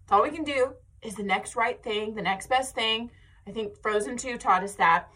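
A woman's voice: fairly high pitch, normal speed, bright, forceful tone, husky. An American woman in her thirties hosting a podcast in casual, chatty talk and laughing often. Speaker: podcast host. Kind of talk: casual chat.

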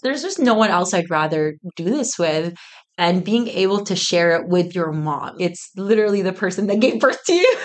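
A young woman in her twenties, a business co-founder, telling a story in an interview with animated delivery, frequent laughter and lots of "like" fillers. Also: mid-range voice. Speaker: guest, tea business co-founder.

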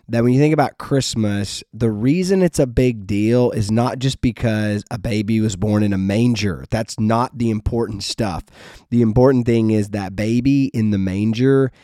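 A man's voice: lowish voice, warm tone, no echo, studio quality. A man giving a casual devotional talk as a Bible teacher, earnest and emphatic in a conversational way.

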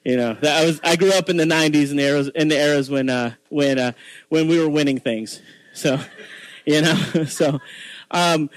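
A Texan man in his forties preaches in a loose, chatty way, often restarting his sentences and poking fun at himself. His voice sits a little high for a man. The sound is close and dry, with almost no room echo. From Texas. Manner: chatty, self-deprecating, many restarts. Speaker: guest preacher. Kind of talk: informal sermon.

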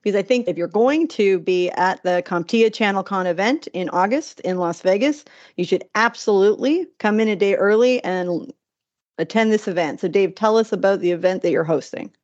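A woman's voice: medium pitch, darkish tone, dry recording. Chatty woman podcast host, lo-fi sound. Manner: chatty, quick anecdotal delivery. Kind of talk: casual interview chat.

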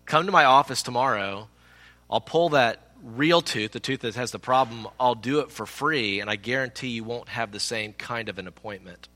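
A man preaching a sermon as pastor, telling a personal story in an animated way and acting out the people in it. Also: medium pitch, moderate pace. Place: church sanctuary. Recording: long reverb of a large hall.

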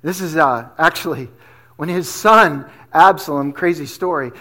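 A man with a notably high voice preaches a sermon to his congregation. He keeps it relaxed and conversational and drops in slang asides as he goes. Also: moderate pace. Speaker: pastor.

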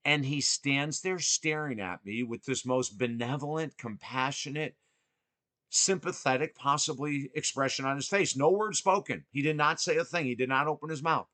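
A man hosting a podcast, telling a personal story earnestly and emphatically, swinging between excited and hushed. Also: medium pitch, moderate pace, no echo. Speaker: podcast host.

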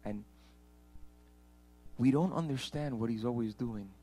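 A man preaching a sermon as pastor, swinging from hushed pleading to loud, passionate declarations. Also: medium pitch, measured pace, faint music behind, poor audio.

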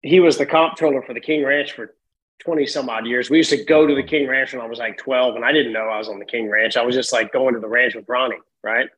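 A middle-aged man telling animated stories as a podcast guest, laughing often. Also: medium pitch, quick pace, poor audio. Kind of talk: casual storytelling.

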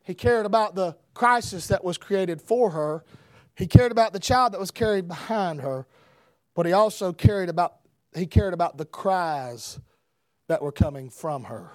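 A man preaching a revival sermon, swinging between shouted emphasis and hushed lines. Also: sits high, lively intonation, normal speed, no echo, clean studio sound.

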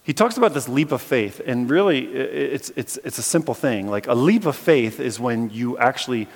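A man giving a casual, conversational sermon, reading scripture and retelling it as a lively storyteller with playful acted asides. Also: medium pitch, moderate pace. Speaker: preacher and philosophy teacher. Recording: echoey hall with long reverb.

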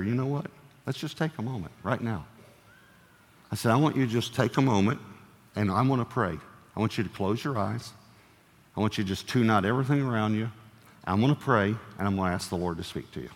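A man's voice: lowish voice, in a large hall. An older man, a pastor, preaching a sermon in a conversational, storytelling way with playful humor.

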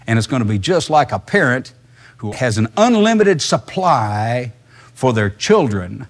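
A male pastor, preaching a sermon in a conversational, emphatic way full of rhetorical questions. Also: mid-range voice.

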